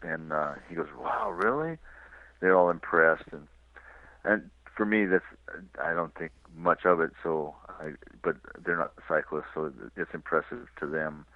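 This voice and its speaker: A man from California, a touring cyclist, telling his road stories on a radio interview in a relaxed, rambling way. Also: a bass voice, normal speed, no room sound. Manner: relaxed rambling storyteller with restarts and small laughs. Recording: tinny dry phone line.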